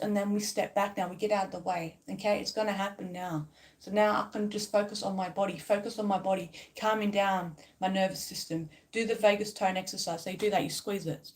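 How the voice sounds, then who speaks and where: A woman in a casual spiritual vlog, talking emphatically and repetitively and swearing freely. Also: medium pitch. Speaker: spiritual vlogger. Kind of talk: casual spiritual pep talk.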